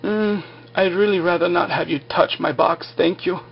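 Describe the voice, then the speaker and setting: A man voicing a paranoid woman castaway with a shrill, pushy manner. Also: steady tone, normal speed, gravelly, husky, lo-fi sound, exaggerated voice. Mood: wistful. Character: unhinged middle-aged woman castaway, paranoid.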